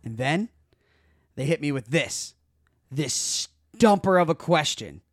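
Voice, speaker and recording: Animated, foul-mouthed male podcast host. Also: a little high, slow, no echo, studio quality. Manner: animated, profane, acts out scenes. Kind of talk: casual podcast storytelling. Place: podcast studio.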